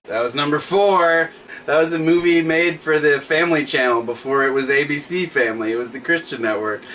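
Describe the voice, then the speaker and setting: A man's voice: fairly high pitch, fairly quick, fairly bright tone, recorded from a distance, faint music behind. A man hosting a livestreamed trivia night, reading each question twice and chatting with small laughs in between.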